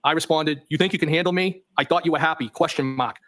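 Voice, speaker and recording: A man's voice: on the high side, quick pace, fairly bright tone. Man reading texts on the witness stand. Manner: reads plainly, voicing punctuation marks. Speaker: trial witness. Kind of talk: reading text messages aloud on the stand. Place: courtroom.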